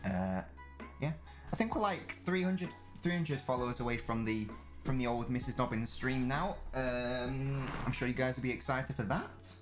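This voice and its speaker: Young male streamer, chatty and jokey, mid-pitched, faint music behind. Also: moderate pace. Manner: chatty, jokey, reads chat aloud. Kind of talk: casual live-stream chat.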